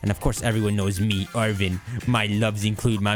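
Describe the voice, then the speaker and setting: A man's voice: on the low side, little pitch movement, normal speed. Joking young gamer guy, game music behind. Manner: loose, joking, swears mildly. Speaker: gaming YouTuber. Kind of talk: casual let's-play commentary.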